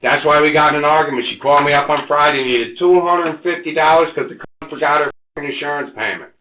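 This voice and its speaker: A man in his forties under police interrogation, ranting and cursing, swinging between loud outbursts and low mutters. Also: fast talker, a little hiss or hum. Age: 40s. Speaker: interrogation suspect. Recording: echoey, muffled interrogation room recording.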